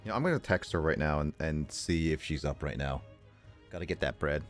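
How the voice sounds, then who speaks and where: A man's voice: a bass voice, brisk, faint music behind. A man streaming a video game, chatting casually and jokingly as he reads the dialogue. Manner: animated, jokey, reads dialogue aloud. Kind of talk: casual gameplay commentary.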